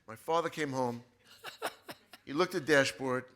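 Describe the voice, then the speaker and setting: A man, a guest author, telling a personal story in casual chat, animated and often restarting his sentences. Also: mid-range voice, normal speed.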